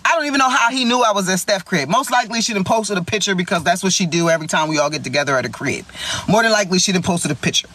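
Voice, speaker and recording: A young woman telling a story in a vlog, animated, slangy and full of swearing. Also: lowish voice, racing, no echo.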